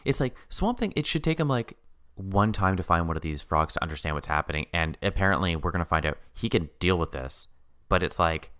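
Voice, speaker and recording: A man co-hosting a podcast, chatting casually as he recaps a TV show and acts out characters' lines. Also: deep voice. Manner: animated, acts out characters' lines in quick mock voices. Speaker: podcast co-host.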